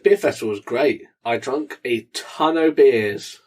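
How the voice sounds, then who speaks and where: A man's voice: medium pitch, measured pace, a little mellow, breathy edge, recorded from a distance. Man, podcast co-host, casual self-mocking chat, a bit off-mic. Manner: chatty, self-mocking, giggly. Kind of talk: casual banter.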